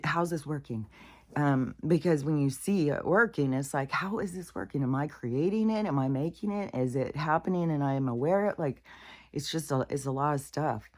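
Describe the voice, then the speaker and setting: A woman vlogger talking in a casual, rambling monologue, candid and profane, dropping now and then into whispered asides. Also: deep voice.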